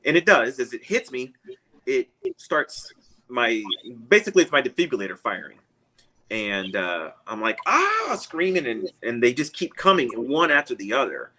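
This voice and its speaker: Guy rambling through a wild story, bright tone, laughs a lot. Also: mid-range voice, very animated, moderate pace, low-quality recording. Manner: rambling, chuckles often. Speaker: guest. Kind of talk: casual storytelling.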